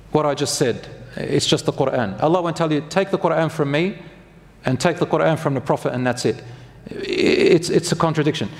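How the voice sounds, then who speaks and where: Preacher man in a reverberant hall. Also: a little high. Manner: asks the audience questions, jokes with them. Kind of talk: sermon.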